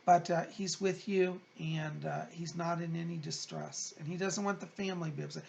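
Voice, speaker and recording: Male psychic host with a gravelly voice, reading viewer letters and relaying spirit messages; consoling and chatty. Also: on the high side, steady tone, moderate pace, slight background noise. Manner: gentle, consoling, chatty, calls listeners "hon". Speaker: psychic medium.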